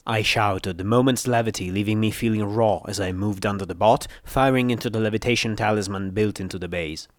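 A man reading a first-person adventure story aloud, brisk and earnest, close to the mic. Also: lowish voice, no room sound. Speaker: narrator.

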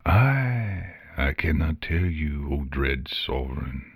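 A man voicing an old, blind male basilisk who speaks slowly and carefully in a dry, rustling voice. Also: low voice, expressive, slightly rough, dry recording, exaggerated voice. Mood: weary. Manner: slow and careful.

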